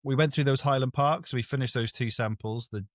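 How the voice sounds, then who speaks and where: Man, podcast co-host, animated storyteller, dry close sound. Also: medium pitch, fairly quick, no room sound. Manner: animated storyteller, acts out other people's lines. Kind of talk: casual chat.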